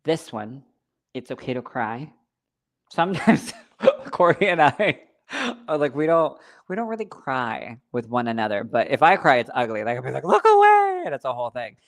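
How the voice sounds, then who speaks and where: Very low-voiced woman giving frank advice. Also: lively intonation, moderate pace. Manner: warm, frank, reassuring, sassy asides. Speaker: podcast co-host. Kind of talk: casual advice chat.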